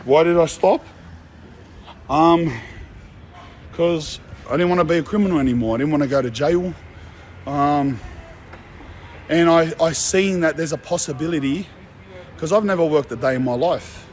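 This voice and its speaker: Speaking at normal speed with long pauses, a young Australian man has a slightly high, slightly mellow voice, with a little hiss or hum in the recording. He's a social media personality doing a casual walking vlog among apartment blocks outdoors, brash, boastful and full of street slang.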